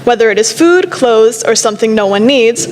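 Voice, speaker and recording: A young woman reads out her prepared paper, measured and careful, her voice pitched a little high. The sound carries a long reverb from the lecture hall, with a faint hum of the room behind her. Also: lively intonation, a little mellow. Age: young adult. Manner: measured, reads quotations slowly. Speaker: student presenter. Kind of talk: reading a prepared academic presentation.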